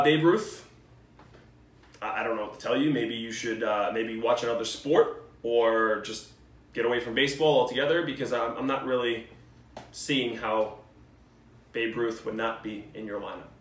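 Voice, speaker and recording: A man's voice: mid-range voice, normal speed, long pauses, fairly bright tone. A man, joking and cursing as he talks through his picks in a casual video response. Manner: joking, swearing, enthusiastic banter. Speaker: vlogger. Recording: roomy echo, mic at a distance.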